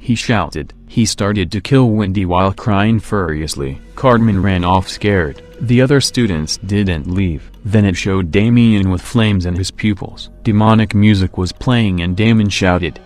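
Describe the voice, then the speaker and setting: A man narrating a creepypasta horror story in a plain, steady storytelling manner. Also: fairly low pitch, a little slow, hardly any pauses, soft background music. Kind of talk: creepypasta reading.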